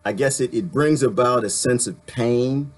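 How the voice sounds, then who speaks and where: A man's voice: medium pitch, normal speed. A man hosting a casual livestream, talking bluntly and repeating himself, a little annoyed. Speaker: livestream host.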